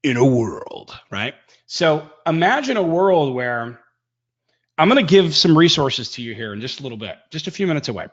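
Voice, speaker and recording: A man teaching online marketing in a live webinar, energetic and emphatic, swinging his pitch and pace for effect. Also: fairly quick, highs cut off.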